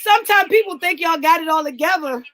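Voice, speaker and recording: A woman's voice: very high voice, fast, a bit bright, rough recording. A woman hosting a live online talk, calling out viewers by name and speaking with exuberant, preacher-like fervor. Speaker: host. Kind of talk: livestream talk, giveaway.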